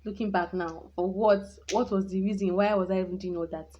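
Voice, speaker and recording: Woman with a mellow, muffled voice. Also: medium pitch, steady tone, moderate pace, a little hiss or hum. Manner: candid, reflective, rambling with frequent restarts. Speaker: vlogger. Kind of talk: personal storytelling vlog. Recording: dull lo-fi sound.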